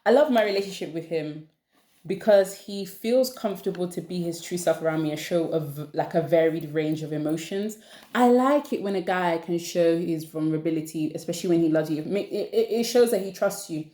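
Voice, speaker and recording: A woman's voice: lowish voice, fairly quick. Exasperated young woman ranting. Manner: exasperated, animated ranting with laughs. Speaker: channel host. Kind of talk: casual opinion chat. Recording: echoey room.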